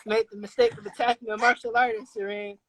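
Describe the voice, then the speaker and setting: A woman chatting as a guest on a live stream, joking and animated. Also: on the high side, fast talker, very noisy. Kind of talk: casual chat.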